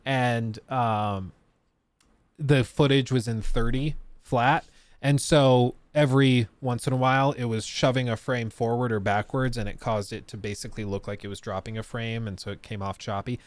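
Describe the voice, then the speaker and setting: A man's voice: mid-range voice, fairly even intonation, moderate pace, no echo. A young man streaming live, chatting casually and laughing as he reacts to a game trailer and explains technical details.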